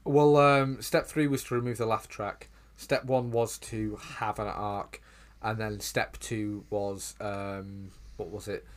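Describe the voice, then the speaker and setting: Male podcast co-host, chatty, animated, goes high when mocking. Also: slow. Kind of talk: casual chat.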